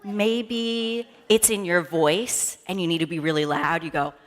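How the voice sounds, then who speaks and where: A woman leading a playful, animated children's time at a church service, getting everyone up to stomp and wiggle. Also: fairly low pitch, a little slow. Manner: playful, animated, leads movement and shouting. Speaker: children's message leader. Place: large church sanctuary. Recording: echoey hall from the room mic.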